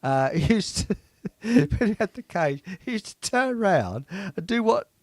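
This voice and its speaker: Man, high lively voice, giggly, rambling stories, dry close sound. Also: normal speed, no room sound. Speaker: show host. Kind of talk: casual chat.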